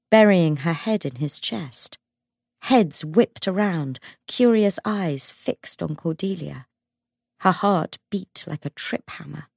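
A woman reading an audiobook in measured, dramatic scripted narration. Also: fairly low pitch, creaky, darkish tone, no room sound, studio quality.

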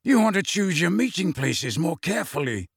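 A man's voice: high voice, big pitch swings, normal speed, creaky, husky, no echo, clean studio sound, pitched above the performer's own voice, exaggerated voice. A man reading an audiobook, voicing a bold, wry adult male wizard who talks in a teasing, confident way.

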